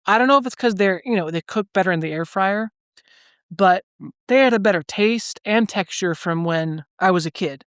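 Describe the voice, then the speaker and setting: A man's voice: high-pitched, normal speed, fairly bright tone, clean tone, dry recording, studio quality. A man co-hosting a podcast, chatting casually and rambling through his stories with lots of "like" fillers. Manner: rambling, loose, full of "like" fillers. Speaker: podcast co-host. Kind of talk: casual chat.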